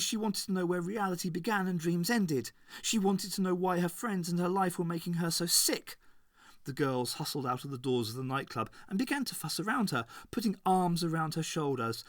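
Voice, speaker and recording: A man's voice: high-pitched, dry recording. Man narrating a novel, dry and close. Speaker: audiobook reader. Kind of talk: scripted narration.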